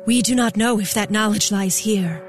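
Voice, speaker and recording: A cold, breathy energy creature from a tabletop game, voiced by a woman. It speaks airily and slowly, with an aloof, menacing calm. Faint music plays behind. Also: mid-range voice, close to an everyday voice. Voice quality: breathy, airy. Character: breathy energy being in a containment suit.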